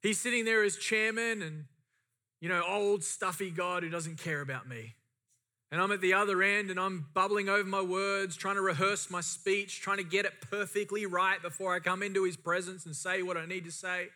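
Middle-aged male pastor, bright tone, impassioned sermon delivery. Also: high voice, fairly even intonation, moderate pace. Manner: impassioned, rising and falling emphasis.

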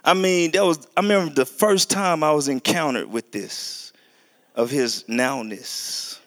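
A pastor delivers a sermon, reading scripture slowly and deliberately before erupting into animated, sudden bursts that are high and loud.

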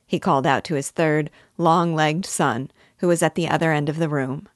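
A woman teacher reading a classic novel aloud in a measured, expressive way. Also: low voice, dry recording, studio quality. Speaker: literature teacher.

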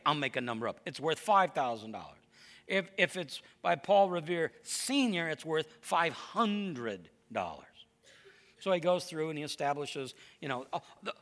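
A man preaching a lively, emphatic sermon to a congregation. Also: fairly high pitch. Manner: lively storytelling, animated and emphatic.

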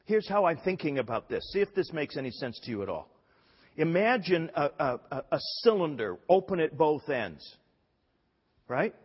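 A man's voice: on the high side, breathy edge. A man preaching a sermon with passion, acting out the quoted voices and often repeating words as he builds his point. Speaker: pastor. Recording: dull sound with long hall reverb.

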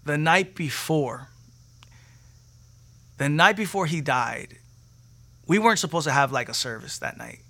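A young man telling a personal faith testimony in an animated way, acting out the quotes with sudden jumps in pitch. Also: a little slow, gravelly, long pauses. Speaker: testimony speaker.

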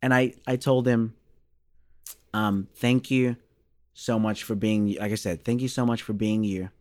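A man in his thirties from Australia, a bass player guest in a casual interview, telling a story animatedly and acting out the dialogue. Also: steady tone, unhurried, darkish tone, no echo.

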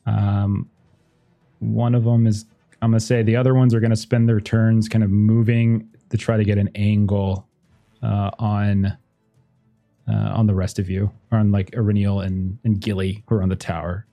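A man leading a tabletop game as its game master reasons out loud with many fillers, laughing often. He has a fairly low, level, warm voice with vocal fry and speaks at a moderate pace, with faint music behind.

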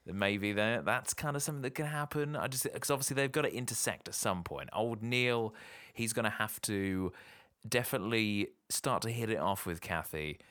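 A podcast co-host in casual chat, musing aloud and speculating about where a story is heading. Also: male voice, fairly low pitch, lively intonation, moderate pace, a bit bright, dry recording, clean studio sound. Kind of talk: casual chat, guessing plot.

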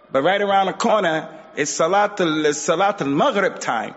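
A man's voice: high-pitched, fairly quick, hardly any pauses, fairly bright tone. A man giving an emphatic religious lesson in a mosque, exhorting his audience. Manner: emphatic, exhorting, acts out quotes. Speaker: Islamic teacher. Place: mosque hall. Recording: dull sound with long hall reverb.

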